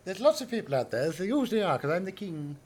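A man's voice: high-pitched, very animated, quick pace, a little mellow, breathy edge, full character voice. A man voicing a nervous, stammering, middle-aged British king, who keeps adding "you see".

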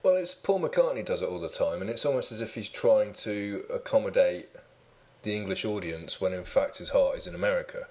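A man's voice: lowish voice, lively intonation, brisk, a little mellow, husky. A man hosting a comedy podcast, chatting with dry, teasing humor. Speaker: podcast host. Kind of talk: joking casual chat.

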